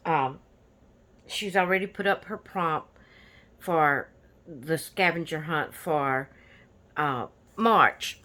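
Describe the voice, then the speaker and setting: Easygoing rambling woman, slightly low voice. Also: pushed and bright. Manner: easygoing, rambling with many fillers and restarts. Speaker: coloring channel host. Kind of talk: casual chat showing finished coloring pages.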